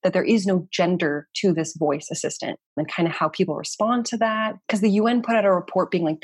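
A researcher and community founder in her thirties talks fast and animatedly in a casual interview, frequently saying "like" and "you know." Her lowish voice is husky, captured with clean, echo-free studio sound.

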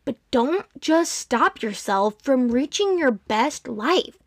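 Brief: woman in her twenties, podcast host, emphatic pep-talk delivery, brightish voice, dead-dry booth sound. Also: high-pitched, lively intonation, no room sound. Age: 20s. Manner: earnest and emphatic, with quick rants and acted-out quotes. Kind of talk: motivational solo podcast talk.

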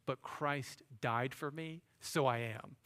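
A man's voice: medium pitch, takes it slowly, fairly bright tone, smooth. Man preaching in a reverberant church. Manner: conversational preaching with rhetorical questions. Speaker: pastor. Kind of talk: sermon. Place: church sanctuary. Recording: long hall reverb.

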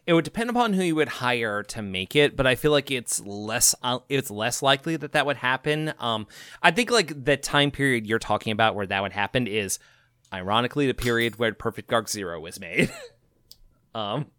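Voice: mid-range voice, expressive, normal speed, a bit bright, clear, resonant tone, no echo. A podcast co-host in casual chat, hesitant, with many fillers and restarts.

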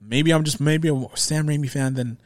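A man co-hosting a relaxed podcast about a film. He talks loosely, laughing and restarting his sentences as he goes. He is heard close on the mic with a dry sound. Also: fairly high pitch, normal speed, no room sound. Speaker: podcast co-host. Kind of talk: casual movie review chat.

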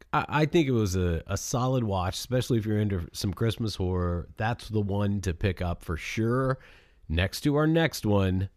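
A man co-hosting a podcast in casual chat, joking and swearing freely. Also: on the low side. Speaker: podcast co-host.

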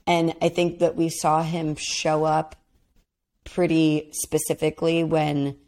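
A woman's voice: deep voice, little pitch movement, slow, darkish tone. A woman co-hosting a podcast, recapping a reality dating show in casual chat with lots of fillers. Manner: chatty, lots of "like" and restarts. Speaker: podcast co-host.

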